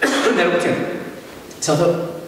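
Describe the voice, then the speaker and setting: A British man performs stand-up, telling a story with lively, acted-out gestures and frequent laughter. His voice sits high for a man. The recording is distant and booming, with the long echo of a large hall. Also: measured pace, background noise. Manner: animated, acts out scenes, laughs often. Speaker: comedian. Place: large hall with live audience. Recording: echoey hall recorded from far off.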